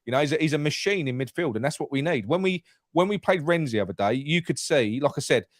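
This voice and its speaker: A man's voice: a little high, lively intonation, quick pace, dry recording, clean studio sound. A man with a London accent hosting a football fan phone-in, chatty and loose, swearing freely and restarting his sentences. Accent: London English. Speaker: phone-in host. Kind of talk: casual fan phone-in chat.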